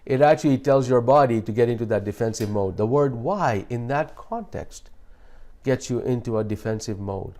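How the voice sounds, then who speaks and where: Calm man with a mellow voice. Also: medium pitch, fairly quick. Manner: calm, explanatory, with frequent restarts. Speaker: host. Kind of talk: self-help talk.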